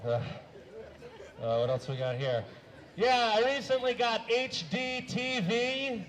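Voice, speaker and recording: High-voiced deadpan stand-up comic. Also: male voice, a faint crowd, poor audio. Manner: halting, deadpan delivery with frequent uhs and throat clearing. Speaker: stand-up comedian. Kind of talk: deadpan stand-up set of one-liners.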